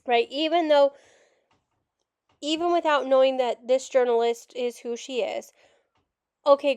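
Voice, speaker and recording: Woman, high voice, dry close sound, frustrated rant, swears freely, adoptee commentator. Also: clear, resonant tone, no room sound. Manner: frustrated, ranting, swears openly. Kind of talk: reaction rant video.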